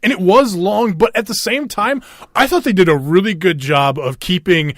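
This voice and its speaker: A man in his late thirties with a Minnesota accent chats as a podcast co-host, his voice sitting a little high. He rambles, trips over his own sentences and chuckles along the way. The sound is close and dry, with no room around it. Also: normal speed, no echo. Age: 30s. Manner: rambling, self-interrupting, chuckling. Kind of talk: casual chat.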